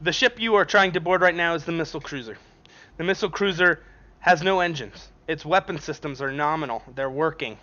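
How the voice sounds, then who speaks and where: A man's voice: a little high, fairly quick, sharp tone. A man narrating as game master of a tabletop game, casual and profane, often laughing. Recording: dull lo-fi stream audio.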